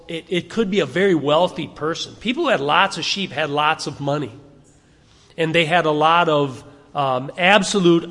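A man's voice: a little high, fairly bright tone, long reverb tail. A man preaching a sermon to a congregation, conversational and asking them questions. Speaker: pastor.

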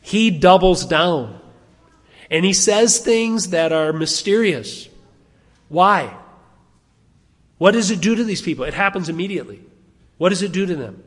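A man preaching a sermon, animated, asking his congregation rhetorical questions. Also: sits high, measured pace, pauses often, long reverb tail. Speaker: pastor.

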